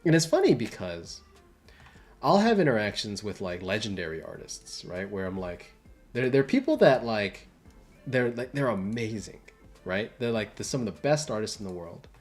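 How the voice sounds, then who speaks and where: A man's voice: fairly low pitch, sing-song, moderate pace, a little mellow, faint music behind. A young adult man talking casually on a livestream, rambling with many fillers and restarts. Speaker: livestream host and entertainment designer.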